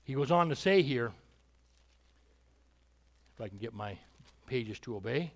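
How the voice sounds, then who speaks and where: A man's voice: mid-range voice, animated, moderate pace, long pauses. A male preacher giving an emphatic sermon, repeating points and asking rhetorical questions.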